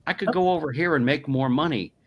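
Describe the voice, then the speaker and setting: A man's voice: on the high side, fast talker. A man hosting a podcast, asking his guests long, rambling questions full of fillers. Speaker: podcast host. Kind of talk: casual interview.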